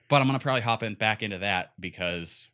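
Deep-voiced young man chatting about games. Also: brisk, pushed and bright, clean tone. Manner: rambling, enthusiastic, filler-heavy. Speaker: podcast co-host. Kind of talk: casual gaming chat.

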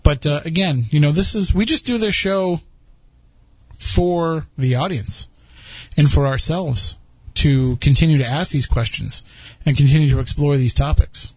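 A man's voice: on the high side, unhurried, breathy edge, dry recording. A man hosting a podcast, chatting casually and rambling with frequent restarts. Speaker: podcast host. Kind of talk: casual chat.

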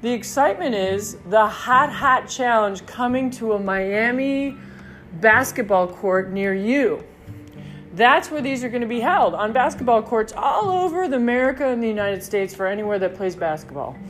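A woman hosting her own podcast in a rambling, excitable monologue, swearing freely. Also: a little high, normal speed, faint music behind. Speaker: podcast host. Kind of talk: casual monologue.

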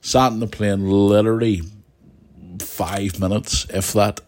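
A man's voice: lowish voice, little pitch movement, measured pace, a little mellow. A young man hosting a podcast, telling a long rambling story with plenty of restarts and asides to his listeners. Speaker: podcast host. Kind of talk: casual storytelling monologue.

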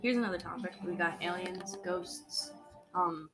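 A woman's voice: on the low side, unhurried, over music. A woman co-hosting a casual podcast, speaking in a dry, matter-of-fact way. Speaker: podcast co-host. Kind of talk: casual chat.

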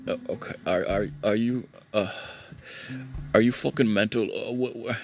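Stammering nervous man, gravelly, music behind. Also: on the low side, moderate pace. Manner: stammering, repeats words nervously. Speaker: prank caller chatting with a chatbot. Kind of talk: comedic nervous banter.

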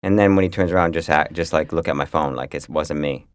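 A man's voice: extremely low pitch, quick pace, dry recording, clean studio sound. A man co-hosting a podcast in casual chat, sarcastic, joking and swearing freely. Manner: profane, sarcastic, jokey. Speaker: podcast co-host.

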